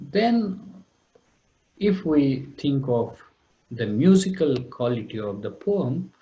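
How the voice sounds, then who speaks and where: A man in a poetry lesson explains poem structure at a slow, deliberate pace. His pitch rises and falls a lot as he stresses terms, repeating key words and clearing his throat now and then. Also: sing-song, warm tone, dull audio. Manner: reads lines of verse slowly. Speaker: teacher. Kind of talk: recorded poetry lecture.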